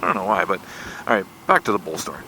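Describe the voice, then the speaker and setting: A man's voice: sits low, racing, low-quality recording. A man around sixty telling an embarrassing story in a folksy, self-deprecating way while out riding his motorcycle. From Michigan, USA. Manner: folksy, self-deprecating, animated retelling of dialogue. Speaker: motorcycle vlogger. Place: outdoors on a motorcycle on country roads. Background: faint road and vehicle noise.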